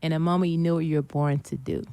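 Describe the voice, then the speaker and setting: A woman's voice: deep voice, steady tone, fast talker, mellow. A middle-aged woman, a guest on a podcast, talking about hard work in an earnest, motivational way and repeating her key phrases. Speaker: guest, dietitian and author. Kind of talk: casual interview chat.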